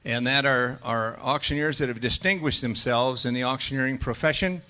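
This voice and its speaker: A man's voice: mid-range voice, normal speed. A middle-aged man, giving a folksy welcome speech at an event in a hotel room, with many fillers. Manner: loud drilled chanting of tongue twisters and number scales. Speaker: auction school president.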